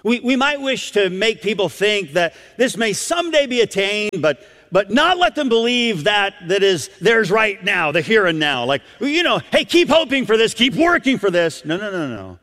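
A man preaches with a high, swooping voice that climbs sharply whenever he drives a point home. His emphatic delivery pushes into near-shouts on key words, and a long hall reverb trails behind every phrase. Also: very animated, moderate pace, hardly any pauses. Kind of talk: sermon.

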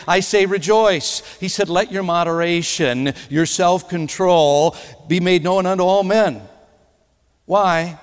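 A male preacher with a slightly high voice delivers a slow, deliberate sermon in a church sanctuary. He swings between ringing emphasis and hushed passages. His voice carries a long hall reverb. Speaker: guest preacher.

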